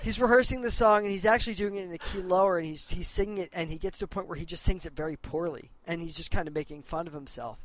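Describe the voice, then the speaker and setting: A man's voice: high-pitched, fast talker, hardly any pauses, fairly bright tone. Chatty man talking music, laughing a lot. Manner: enthusiastic, laughs often, stumbles and restarts. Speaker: podcast co-host. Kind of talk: casual chat about music.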